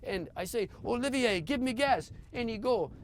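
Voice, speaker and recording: A man's voice: very high voice, animated, normal speed, a little hiss or hum, pitched above the performer's own voice. A man voicing a short, cocky male desert motorcycle racer who talks in boastful broken English and swears. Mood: defiant.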